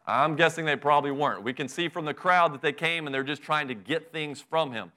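A man's voice: a little high, a little fast, sharp tone. A middle-aged male pastor preaching a sermon with fervent, conversational delivery, full of rhetorical questions to the congregation.

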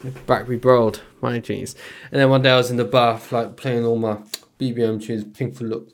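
A man's voice: mid-range voice, flat delivery, a little fast. A man co-hosting a podcast, rambling and joking in casual banter, swearing freely and speeding up in bursts. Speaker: podcast co-host.

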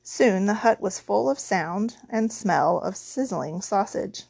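A woman's voice: medium pitch, animated, slow pace, creaky, darkish tone, husky, no echo. Woman reading a storybook, dry close sound. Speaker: audiobook reader. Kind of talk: storybook narration.

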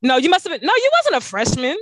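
Animated profane woman podcast host. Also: sits high, fast talker, no room sound. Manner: animated, profane, laughing banter. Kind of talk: casual chat.

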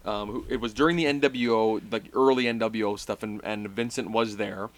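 A man's voice: on the low side, fairly even intonation, fairly quick. A man co-hosting a casual wrestling podcast, rambling with fillers and restarts. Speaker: podcast co-host. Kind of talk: casual chat.

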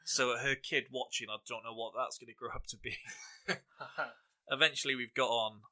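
Bright-voiced English lad telling stories. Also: male voice, mid-range voice, steady tone, normal speed. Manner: rambling anecdotal storyteller, laughs while talking. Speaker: podcast host. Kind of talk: casual chat and fight predictions.

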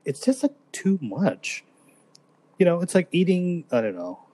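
A man co-hosting a casual podcast chat, relaxed and easygoing, laughing often. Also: high-pitched, measured pace, breathy edge. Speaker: podcast co-host.

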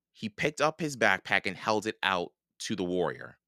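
A man reading a children's storybook aloud in a slow, expressive way. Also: low voice, gravelly, no room sound, clean studio sound. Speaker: reader.

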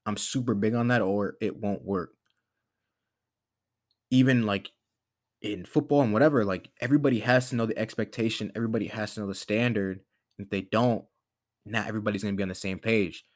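A man's voice: fairly low pitch, fairly even intonation, a little fast, pauses often. A man hosting a podcast, talking in a casual motivational monologue, rambling with lots of fillers and restarts. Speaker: podcast host.

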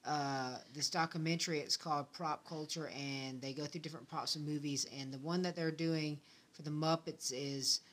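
A man hosting a podcast in casual chat, talking in a relaxed, rambling way with many restarts. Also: on the high side, moderate pace. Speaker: podcast host.

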